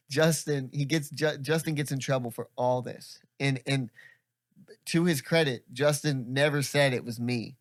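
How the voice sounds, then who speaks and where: A man's voice: medium pitch, no echo, clean studio sound. A young man hosting a podcast, telling stories in casual chat, rambling with lots of laughs and swearing. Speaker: podcast host.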